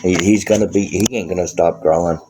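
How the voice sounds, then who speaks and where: Deep-voiced blunt man, swearing freely. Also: fairly even intonation, brisk, noisy background. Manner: blunt, heavy swearing, laughs often. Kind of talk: casual profane monologue. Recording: dull lo-fi sound.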